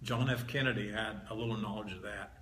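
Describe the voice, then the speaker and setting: A man's voice: fairly low pitch, steady tone, a little fast, a bit bright. A man preaching a teaching sermon to a live audience, conversational and emphatic, leaning hard on repeated key words. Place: meeting hall with a live audience. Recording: roomy hall echo, faint background hiss.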